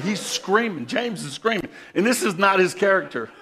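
A man preaching a sermon, repeating phrases and swinging between loud bursts and hushed asides. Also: sits high, big pitch swings, normal speed, few pauses.

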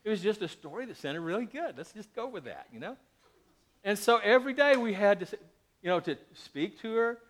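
High-voiced male pastor preaching. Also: a little fast. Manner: animated preaching, swings between loud and quiet. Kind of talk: sermon.

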